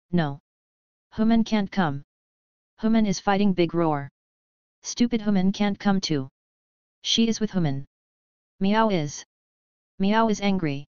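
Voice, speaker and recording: A woman's voice: medium pitch, clean tone, no echo, close to an everyday voice. A woman reading as a childish black cat creature. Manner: talks of itself in third person, broken speech. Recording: dull lo-fi audio.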